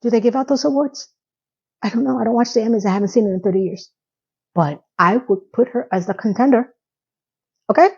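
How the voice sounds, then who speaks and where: A woman's voice: fairly high pitch, fairly quick, pauses often, darkish tone, breathy edge, highs cut off. A woman casually recapping a TV episode in a chatty, sarcastic, incredulous way. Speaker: TV recap vlogger.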